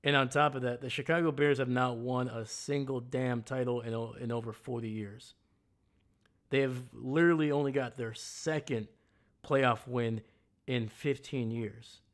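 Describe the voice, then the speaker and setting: A man's voice: mid-range voice, steady tone, normal speed. A man hosting a casual live stream, ranting bluntly and heatedly about sports. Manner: greets chat viewers loudly. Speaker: livestream host.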